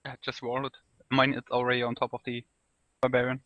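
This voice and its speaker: A man's voice: mid-range voice, monotone, fairly quick, dry recording, dull audio. A man playing a tabletop game over voice chat, asking about the rules. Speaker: player.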